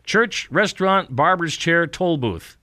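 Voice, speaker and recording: A man's voice: fairly high pitch, expressive, a little slow, pushed and bright, no echo, clean studio sound. A man from Fargo, North Dakota, hosting a radio interview with jovial, chuckling banter and trivia questions. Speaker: radio host.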